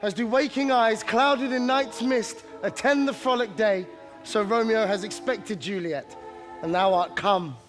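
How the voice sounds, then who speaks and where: A man's voice: high-pitched, measured pace, soft background music. A man playing an ardent young man in love on an open-air stage. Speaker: actor. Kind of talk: stage acting in a Shakespeare play.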